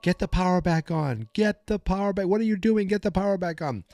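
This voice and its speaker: A frantic male prison guard, as a man puts him on barks urgent orders, his voice pushed far up into a strained high yell. He sounds panicked and insistent. The sound is dry and close. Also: brisk, creaky, no room sound.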